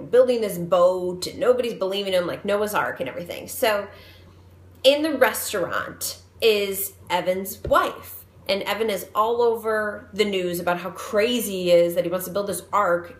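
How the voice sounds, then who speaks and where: A woman in her thirties talks casually straight to her viewers, a fitness coach sharing how stressed she feels. Her talk runs on in loose, rambling asides at a middle pitch. The sound carries a roomy echo. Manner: chatty, rambling, open about stress. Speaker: fitness coach and personal trainer.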